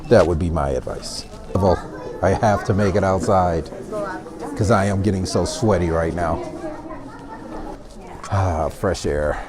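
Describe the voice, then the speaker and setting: A man's voice: low voice, unhurried, pauses often, a crowd in the background. A man narrating a casual travel vlog, talking to the camera as he climbs narrow stairs, out of breath. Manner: chatty, breathless commentary while climbing stairs. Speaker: travel vlogger. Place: inside a stone tower and outdoors at a canyon rim.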